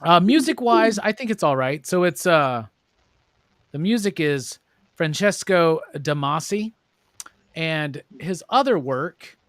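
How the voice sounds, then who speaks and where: A man's voice: on the high side, lively intonation, slow, a bit bright, no room sound, studio quality. A man hosting a casual movie review chat, loose and profane, acting out lines in joking voices. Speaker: host.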